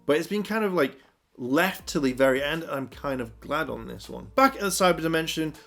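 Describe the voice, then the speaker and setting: A man's voice: on the high side, animated, brisk, creaky, fairly bright tone. A man giving a casual, rambling recap of a TV episode, full of fillers like "kind of" and "you know". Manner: rambling, filler-heavy retelling. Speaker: TV episode reviewer.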